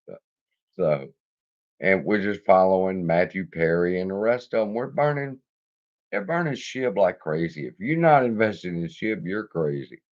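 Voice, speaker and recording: A man's voice: low-pitched, animated, moderate pace, lo-fi sound. Profane laughing storyteller man. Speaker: investing channel host. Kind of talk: casual storytelling livestream.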